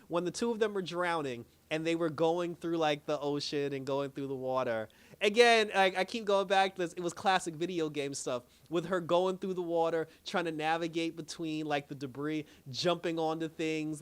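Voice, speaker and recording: A man's voice: a little high, clean tone. A man hosting a TV review channel, recapping an episode in a loose, slangy, chatty way and laughing often. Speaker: TV review host. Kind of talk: casual spoken recap.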